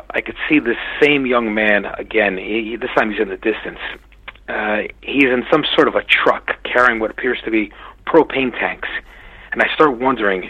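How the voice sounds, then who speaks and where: Gravelly, hesitant man recounting a dream. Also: on the low side, sharp tone, poor audio. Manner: hesitant, halting with many restarts and fillers. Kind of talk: casual spoken recounting.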